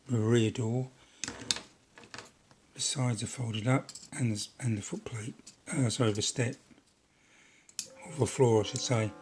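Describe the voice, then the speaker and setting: Guy talking through a model build at his bench, middle-pitched voice, wanders off on jokey tangents. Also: a little mellow, slight background noise. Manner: rambling, jokey asides, self-deprecating. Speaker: model railway builder and channel host. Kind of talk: casual workshop narration.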